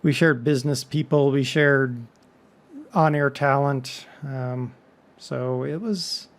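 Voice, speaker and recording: A man's voice: medium pitch, fairly even intonation, slow pace. A man from Texas talking casually to his viewers in a rambling monologue full of joking asides. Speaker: vlog host.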